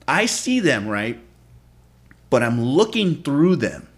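Animated male podcast storyteller. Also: mid-range voice, slow, breathy edge. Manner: animated storyteller, casual slang and swearing. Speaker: podcast co-host. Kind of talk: casual storytelling chat.

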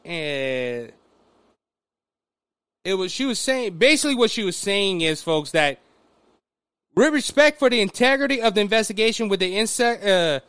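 A man from Louisiana with a Southern accent, hosting casual political commentary in an animated, rambling way with frequent restarts. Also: on the high side, clear, resonant tone, no room sound.

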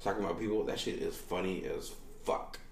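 A man's voice: low-pitched, fairly even intonation, fairly quick, gravelly, recorded from a distance. A man talking bluntly and profanely as a guest in a casual podcast chat. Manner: blunt, profane, plain-spoken. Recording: echoey room, away from the mic.

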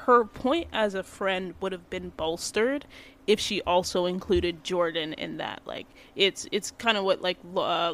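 A woman's voice: lowish voice, a bit bright. A woman chatting casually about a TV show, rambling and hesitant with many fillers.

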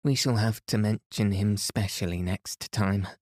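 A man voicing a gentle, matter-of-fact young girl in a bedtime storybook reading. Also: fairly low pitch, steady tone, measured pace, dry recording, clean studio sound. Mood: calm.

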